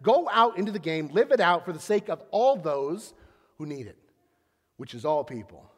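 Animated high-voiced male pastor preaching. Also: normal speed. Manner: conversational, animated storytelling with sports analogies. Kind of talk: sermon. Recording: long hall reverb.

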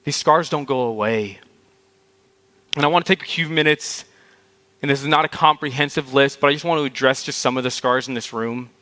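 Male preacher, relaxed conversational sermon delivery, bright and forceful sound. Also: mid-range voice, brisk. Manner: casual, storytelling with frequent "like".

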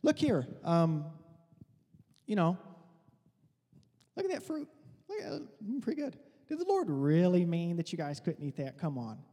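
A man voicing a sly, wheedling male devil who tempts in a hushed, drawn-out voice, heard within a sermon. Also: high voice, animated, big-room sound. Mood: coaxing.

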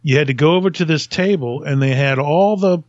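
Brisk and fairly high-pitched, a middle-aged male podcast host rambles casually through his stories, teasing himself and laughing at them. The recording sounds dry and dull.

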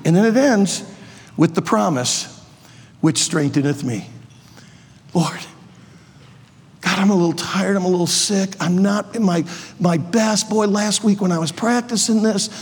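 Sixties male preacher, high husky voice, playful and shouty, long hall reverb. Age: 60s. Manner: playful, joking, bursts into shouts. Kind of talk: energetic youth sermon.

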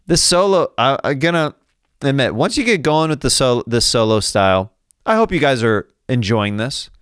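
A man's voice: medium pitch, lively intonation, moderate pace, fairly bright tone, clear, resonant tone, dry recording, clean studio sound. A man hosting a casual comedy podcast, rambling and joking and laughing often. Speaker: podcast host.

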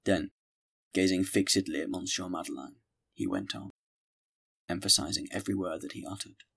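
A man reading a classic novel aloud as an audiobook, measured and steady. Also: deep voice, vocal fry. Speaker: audiobook narrator. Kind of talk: scripted audiobook narration.

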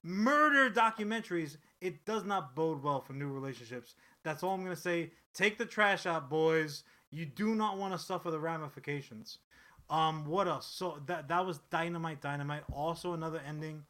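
A man's voice: a little high, normal speed, bright, forceful tone. A man co-hosting a podcast, chatting casually in a rambling, profane style with frequent restarts. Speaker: podcast co-host. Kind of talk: casual chat.

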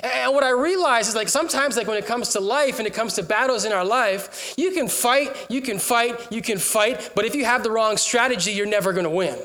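A man's voice: very high-pitched, brisk, few pauses. A man preaching a sermon in a humorous, storytelling way, joking with and rallying his congregation. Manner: animated, joking, rallying the crowd.

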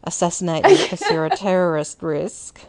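A woman's voice: on the low side, big pitch swings, normal speed, a little mellow. A woman co-hosting a podcast in casual chat, throwing in dry, teasing quips and laughing. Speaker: podcast co-host.

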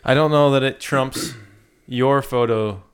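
A man co-hosting a casual podcast, talking in a rambling, halting way with many fillers. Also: mid-range voice, fairly even intonation, smooth. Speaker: podcast co-host. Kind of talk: casual chat.

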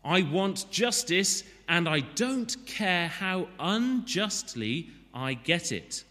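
A man quoting a wronged woman police officer who demands justice, slow and deliberate. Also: sits high, big pitch swings, sharp tone, long reverb tail, exaggerated voice. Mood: bitter.

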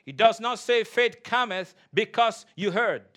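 A pastor preaching with a high, bright, forceful voice. He drives his points home by repeating key lines and slowing down on them. He calls out for the congregation to answer him. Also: animated. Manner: emphatic preaching with call-and-response; repeats key phrases, slows for emphasis. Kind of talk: sermon.

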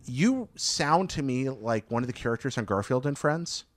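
A man's voice: mid-range voice, animated, normal speed, dry recording, clean studio sound. A man with a slight lisp hosting a podcast interview, asking eager, effusive questions. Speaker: podcast host. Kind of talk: casual interview chat.

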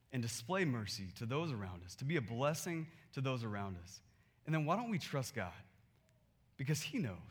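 A man's voice: on the high side, fairly bright tone. A man preaching a sermon in a conversational way, asking his listeners rhetorical questions. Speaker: pastor.

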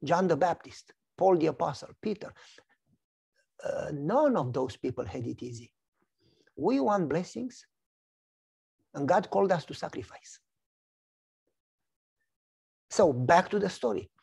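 Animated gravelly male preacher. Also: a little high, normal speed, long pauses. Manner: animated storytelling, acts out voices. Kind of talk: sermon with personal testimony.

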